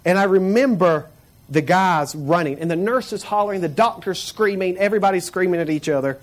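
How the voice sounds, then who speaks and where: A man from the Florida panhandle, telling a personal story in a lively way, laughing and acting out the people in it. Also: sits high, brisk. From Florida panhandle, USA. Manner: animated, laughing, acts out the people in his story.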